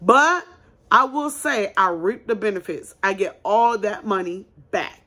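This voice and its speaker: A woman's voice: mid-range voice, measured pace, pushed and bright. A woman running her own small business, hosting a casual advice vlog and talking bluntly and emphatically straight to her viewers.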